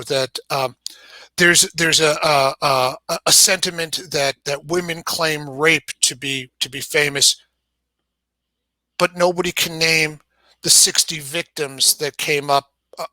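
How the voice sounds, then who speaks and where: A man with a New York accent talks in a casual conversation, his voice pitched a little high and bright. The sound is close and dry. He circles back over his words, restarting sentences as he works out each point. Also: no room sound. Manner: thoughtful, many restarts and repeated words. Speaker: game publisher guest. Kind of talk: casual discussion.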